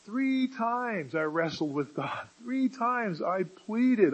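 A man preaching a sermon, moving from quiet explanation to loud, emphatic passages. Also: sits high, animated, unhurried, hardly any pauses, highs cut off.

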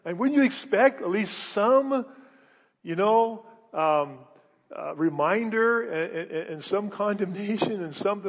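A male pastor preaching a sermon in his church, emphatic and repetitive, asking rhetorical questions and swinging between loud declarations and hushed asides. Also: high-pitched, expressive, measured pace, husky, in a large hall, highs cut off.

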